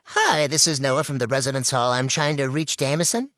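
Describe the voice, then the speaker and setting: A man's voice: medium pitch, big pitch swings, a little fast, fairly bright tone. A young man playing a patient, apologetic residence hall staffer in comedy phone skits. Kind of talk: comedic phone-call skit.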